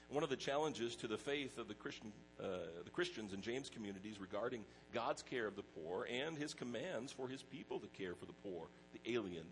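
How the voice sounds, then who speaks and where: A middle-aged pastor preaching a sermon in a conversational way, mixing personal stories with scripture. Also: male voice, medium pitch, a little hiss or hum, rough recording.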